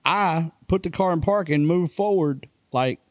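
A man telling a story in casual conversation, plain-spoken and relaxed. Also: a little high, measured pace, no room sound. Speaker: co-host.

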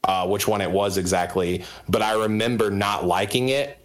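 A man's voice: lowish voice, steady tone, moderate pace. A man in his thirties, a guest on a podcast, chatting casually and telling a story with many fillers. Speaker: guest rapper.

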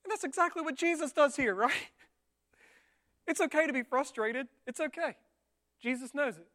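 A man's voice: very high-pitched, moderate pace. A man preaching a sermon as pastor, talking conversationally and often checking in with his listeners with rhetorical tags. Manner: conversational, with frequent rhetorical tags and animated retellings.

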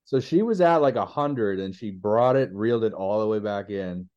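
A man's voice: on the low side, lively intonation, moderate pace, darkish tone, no room sound, lo-fi sound. A man co-hosting a podcast, reacting to a story in casual chat. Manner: impressed, reacting with short remarks.

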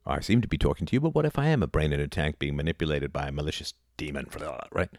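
A middle-aged man talking casually about philosophy, animated, dipping into mocking impressions. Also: rumbling low, very fast, no room sound, clean studio sound. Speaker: podcast host.

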